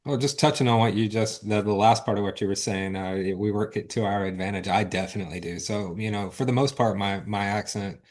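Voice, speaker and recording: A man's voice: lowish voice, fairly even intonation, fairly quick, few pauses, a little mellow. A man from South Carolina co-hosting a casual podcast, talking emphatically with salty language. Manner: emphatic, salty, laughing asides. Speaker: podcast co-host. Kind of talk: casual discussion.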